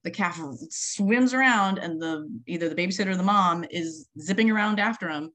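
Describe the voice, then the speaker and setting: A middle-aged woman with a slightly low voice tells field stories in easy conversation. She is lively, laughs often and acts out little quotes as she goes. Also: a little fast. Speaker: marine mammal researcher. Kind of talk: casual conversational storytelling.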